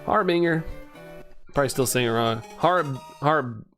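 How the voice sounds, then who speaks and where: A man's voice: mid-range voice, expressive, normal speed, faint music behind. A young man streaming, chatting casually and playfully, rambling, tripping over words and laughing at himself. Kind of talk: casual live-stream chat.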